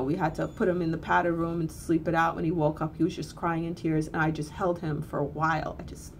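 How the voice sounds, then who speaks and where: A spiritual teacher tells a story in a casual, blunt, earthy manner, swearing freely and repeating phrases for emphasis. Her voice is lowish and gravelly, with slight background noise.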